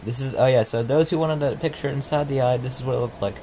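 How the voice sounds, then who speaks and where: Male stream host, rambling, distracted, sleepy, average pitch, faint background noise. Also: fast talker, warm tone, poor audio. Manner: rambling, distracted, muttering to himself. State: sleepy, yawning. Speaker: livestream host. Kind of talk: casual live commentary.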